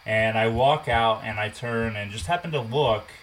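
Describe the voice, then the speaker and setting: A man in his twenties telling a casual, animated story, swearing and acting out what people said. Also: medium pitch, normal speed, a little hiss or hum, low-quality recording. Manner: animated, swears, acts out quotes.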